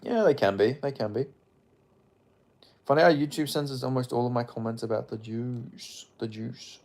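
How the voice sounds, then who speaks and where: Man, casual livestream chat, medium pitch, offhand, swears a lot, reads comments aloud. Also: moderate pace, darkish tone. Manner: rambling, frequent profanity, offhand. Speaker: streamer.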